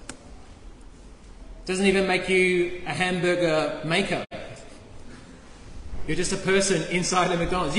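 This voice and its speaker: A man's voice: high-pitched, fairly bright tone, slight background noise. A man preaching as a pastor, playfully quizzing the children during a sermon. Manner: playful, asks the kids questions. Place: church. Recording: echoey church hall, faint ambience.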